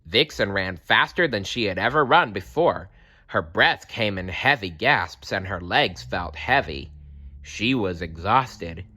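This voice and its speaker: A man reading a children's animal storybook aloud in a slow, expressive way. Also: fairly low pitch.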